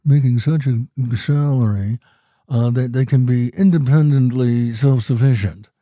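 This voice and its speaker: An American man in his fifties voicing a smug, well-paid worker who loves his career, in a lower, sulky mocking tone. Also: measured pace, warm tone, no echo, clean studio sound, natural voice.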